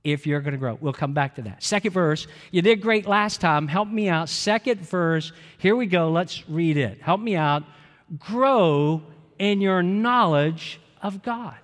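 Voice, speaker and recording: High-voiced pastor preaching in a reverberant hall. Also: male voice, a bit bright. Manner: conversational, asks the congregation rhetorical questions. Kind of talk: sermon. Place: church sanctuary.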